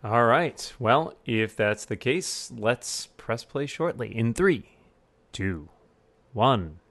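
A man's voice: medium pitch, animated, slow, a bit bright. A man hosting a casual movie commentary podcast, wry and joking, on a close mic. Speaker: podcast host.

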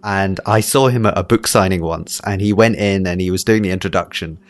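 A man's voice: deep voice, a little fast. A man with an accent that is part Scottish and part English, chatting casually and rambling with many fillers and restarts. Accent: mixed Scottish and English. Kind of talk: casual chat.

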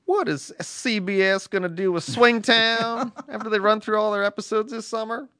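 A man's voice: high voice, moderate pace, bright, forceful tone, clear, resonant tone, no room sound, clean studio sound, pitched above the performer's own voice. A man voicing a chatty Southern woman in a put-on Southern accent, reading a listener's letter aloud.

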